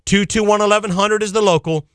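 Brisk man giving sign-off announcements. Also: high voice, steady tone, a bit bright, smooth, no room sound, clean studio sound. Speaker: radio ministry staff. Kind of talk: closing announcements.

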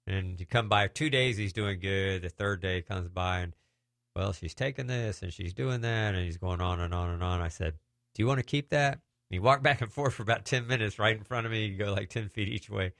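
Man, middle-aged, gravelly, low voice, dry close sound, animated storyteller. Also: brisk, dry recording. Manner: animated, acts out quoted voices. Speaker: minister telling deliverance stories. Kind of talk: casual storytelling testimony.

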